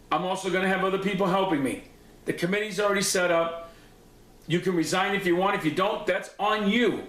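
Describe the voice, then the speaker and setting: A man's voice: high-pitched, fairly bright tone. Blunt, profane man in an echoey room. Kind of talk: angry personal recap monologue.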